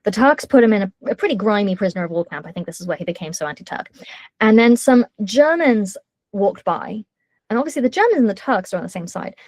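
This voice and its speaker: A woman author in a casual interview, telling stories in a lively way with quick asides and many fillers. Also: mid-range voice, no room sound.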